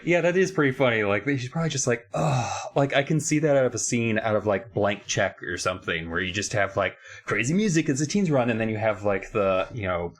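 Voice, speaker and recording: A man co-hosting a podcast, recapping a book in casual chat, rambling and joking with lots of fillers. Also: medium pitch. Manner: rambling, jokey, many fillers. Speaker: podcast co-host.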